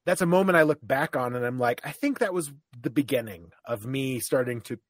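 A man's voice: mid-range voice, expressive, fairly quick, no echo. A man co-hosting a podcast, telling personal stories in a candid, hesitant way with many restarts. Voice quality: hesitant, many restarts and self-deprecating asides. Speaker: podcast co-host. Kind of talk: candid casual chat.

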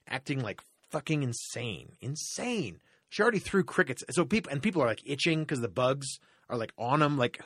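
A man's voice: medium pitch, dry recording, clean studio sound. A man telling a long story in a casual, profane, rambling way, full of fillers. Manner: profane, rambling, animated retelling with many fillers.

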